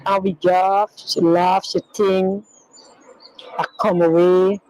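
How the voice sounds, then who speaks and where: Halting middle-aged woman recounting a loss. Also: mid-range voice, level tone, darkish tone, poor audio. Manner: halting, rambling, repeats herself, non-standard grammar. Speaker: grieving mother interviewed. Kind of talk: emotional personal recounting in an interview.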